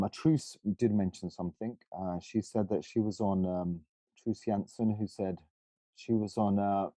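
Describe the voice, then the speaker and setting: Low, dark-voiced Cockney man hosting. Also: dry recording. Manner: hesitant, many fillers and restarts. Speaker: discussion co-host. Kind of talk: casual panel discussion.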